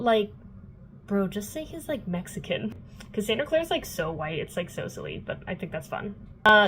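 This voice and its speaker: A woman's voice: mid-range voice, slight background noise, rough recording. A young adult woman recapping a book in casual vlog chat. She fills her talk with "like" and swears freely. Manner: chatty, peppered with "like" and swearing. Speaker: book vlogger.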